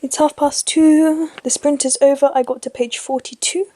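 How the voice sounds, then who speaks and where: A young woman, chatting casually and excitedly in a vlog, often laughing. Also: high-pitched, normal speed. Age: young adult. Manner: giggly, excitable. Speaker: vlogger.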